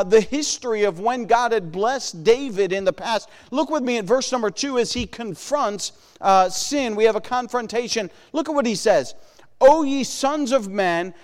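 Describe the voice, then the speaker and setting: A man's voice: sits high, big-room sound. A man preaching a sermon in an earnest manner, repeating words and calling out to listeners.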